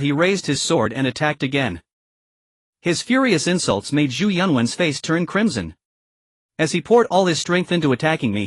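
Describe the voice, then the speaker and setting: A man reading a first-person martial arts story as an audiobook narrator, in an even storytelling manner. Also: fairly high pitch, no echo.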